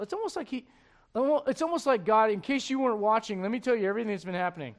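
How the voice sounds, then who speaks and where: A male pastor preaching a sermon, swinging between shouted intensity and hushed, gentle tones. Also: high voice, rapid-fire.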